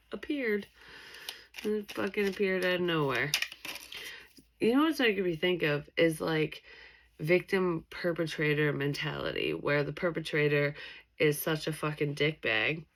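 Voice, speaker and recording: A woman's voice: deep voice, lively intonation, a little slow. A woman doing a casual, tipsy tarot reading, loose, giggly and swearing freely. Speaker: tarot reader.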